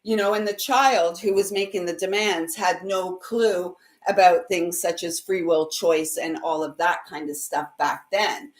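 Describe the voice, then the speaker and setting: A woman's voice: lowish voice, fairly even intonation, unhurried, hardly any pauses. A woman hosting a spiritual card reading on a live stream, talking in a heartfelt, emotional way and laughing often. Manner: swings between soft and loud. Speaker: intuitive reader and host.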